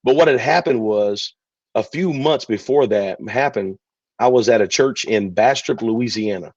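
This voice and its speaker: A man, a pastor telling his story in an interview, relaxed and chatty. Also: medium pitch, normal speed, no room sound. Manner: relaxed, chatty, many fillers. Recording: dull, dry recording.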